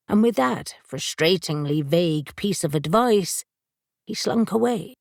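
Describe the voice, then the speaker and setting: Woman narrator, audiobook reading, measured and unhurried, voices her characters, dry studio sound. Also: fairly low pitch, expressive, vocal fry, darkish tone, dry recording. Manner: measured, voicing each character. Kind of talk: scripted narration.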